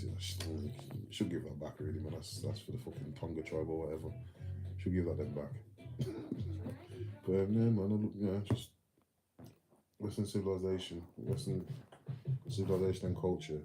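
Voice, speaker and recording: This livestream rant comes from an English man with a low voice, recorded at low quality over loud background music. He rambles casually, swears heavily, and keeps tacking "mate" and "man" onto his sentences.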